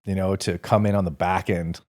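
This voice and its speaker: A man with a very low, deep voice recounts his military years as a guest on a podcast. He talks in a relaxed, meandering way, with plenty of fillers, and he swears without a second thought. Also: a little fast. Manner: relaxed, rambling, salty storytelling with fillers and swearing. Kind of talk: casual storytelling interview.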